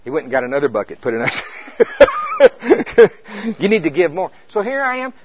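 A man preaching a sermon, telling a vision story with lively swings between loud and hushed delivery, on a dull, dry, lo-fi recording. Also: a little high, normal speed, pauses often.

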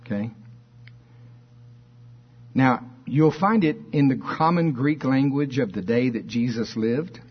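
A man preaching a sermon, reading scripture slowly with dramatic stress and firing off rhetorical questions. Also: mid-range voice, husky, dull audio. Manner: fervent, rising to emphatic exclamations and rhetorical questions.

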